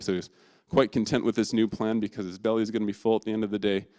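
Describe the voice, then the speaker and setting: A man's voice: lowish voice, little pitch movement, fast talker, a little mellow. A man preaching a sermon in a casual, storytelling way, acting out the scenes himself. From England.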